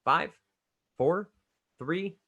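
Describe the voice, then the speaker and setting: A man hosting a trivia game, reading clues briskly and calling on players by name. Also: on the high side, pushed and bright, highs cut off. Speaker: trivia quizmaster.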